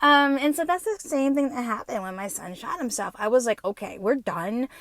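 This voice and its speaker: Woman in her fifties, podcast host, blunt and profane, fairly high voice, dry close sound. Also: very animated, brisk, no room sound. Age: 50s. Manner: blunt and profane, lots of fillers. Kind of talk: unscripted personal storytelling.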